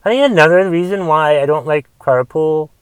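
A man's voice: on the high side, normal speed, clear, resonant tone, no room sound. A young man hosting a solo podcast, ranting in a casual, rambling way with restarts and swearing. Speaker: podcast host.

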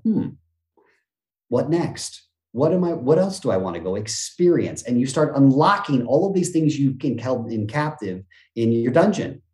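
A man who talks like a motivational speaker, bouncing his pitch up and down as he acts out little quoted scenes and gasps. His voice sits at an ordinary middle pitch, and the recording has a noticeably echoey room around it. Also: warm tone. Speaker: motivational speaker and business coach, podcast guest. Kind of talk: energetic conversational interview talk.

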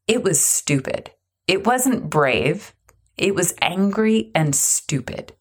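A woman's voice: low voice, creaky. A middle-aged woman telling a personal work story to listeners, conversational and emphatic, mocking her own mistakes. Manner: conversational, emphatic, self-deprecating. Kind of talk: personal story told to an audience.

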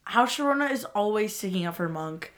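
A giggly woman chats easily as a podcast co-host, sharing her favorite comic scenes. Her talk is relaxed and warm with frequent laughter. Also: mid-range voice, a little fast. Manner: giggly, easygoing, laughs often. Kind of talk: casual chat.

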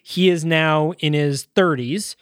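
Brief: male podcast co-host, fairly high voice, dry close sound, loose rambling film recap. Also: slow, clean tone, no echo. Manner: loose retelling full of uh and um fillers. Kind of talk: casual movie review chat.

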